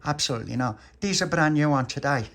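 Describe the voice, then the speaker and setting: A prim, proud little girl insists firmly on every point, as a man puts her on in a storybook telling. The voice is lifted above his own and fairly loud. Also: fairly high pitch, quick pace, slight background noise, voice pushed up. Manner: prim, firm, emphatic.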